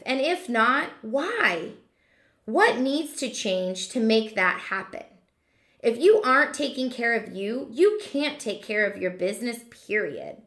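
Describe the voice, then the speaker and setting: A woman who is a hairdresser and business coach, giving a motivational monologue to fellow hairdressers with emphatic rhetorical questions and slowing down to stress key points. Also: high-pitched, fairly bright tone. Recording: echoey room.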